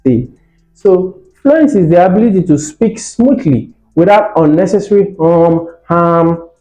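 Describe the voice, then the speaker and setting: A lively male English tutor teaching an exam-prep lesson. His voice is mellow and swings up and down as he demonstrates tones. The room is echoey, with faint music behind him. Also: high voice, moderate pace. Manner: lively teacher, demonstrates stress and rising tones, asks students questions.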